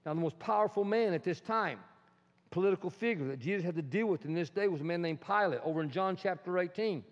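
Man, pastor, sermon, higher voice, long hall echo, dull sound. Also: fast. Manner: animated preacher, swings loud and hushed, acts out quotes.

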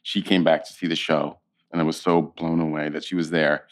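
A man who is an actor and interview guest, telling stories in an animated way, with frequent restarts and laughter. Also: very deep voice, a little fast. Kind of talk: conversational anecdotes.

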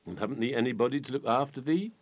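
A man's voice: mid-range voice, fast, pitched above the performer's own voice, close to an everyday voice. A man voicing a practical, kindly country lass. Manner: plain-spoken, reassuring rustic dialect.

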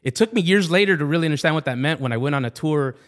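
A man in his forties, an Army veteran with a Southern California Latino accent, guests on a podcast and tells family stories in a casual interview. His voice is fairly high and very fast, and he animatedly acts out his relatives' voices and slips into Spanish.

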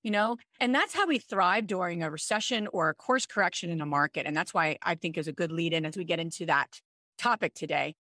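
A woman in her thirties, a podcast co-host, telling a personal story in an animated, chatty way. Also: fairly low pitch, fairly quick, dry recording, studio quality. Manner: animated, chatty, with frequent "like" and "I'm like". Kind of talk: casual storytelling chat.

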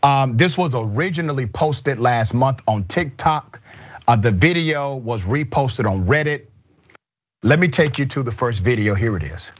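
A man's voice: medium pitch, expressive, moderate pace, lo-fi sound. A man hosting a news commentary show, talking in an indignant, emphatic way. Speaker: host.

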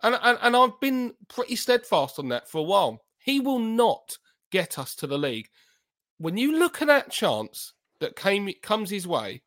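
A man's voice: sits high, sing-song, moderate pace, fairly bright tone. A man, a football podcast pundit talking in heated, emphatic casual chat and repeating his points.

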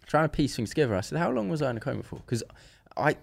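A man's voice: a little high, rapid-fire, gravelly, husky. A man, a podcast guest, telling a story in casual chat and acting out the dialogue as he goes. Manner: animated, acts out quoted dialogue, frequent restarts.

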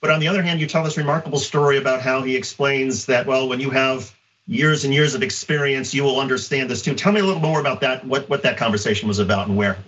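A man's voice: mid-range voice, fast, a bit bright, far from the mic, muffled recording. A man hosting an interview, asking long, rambling questions full of fillers. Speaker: host. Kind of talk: interview host.

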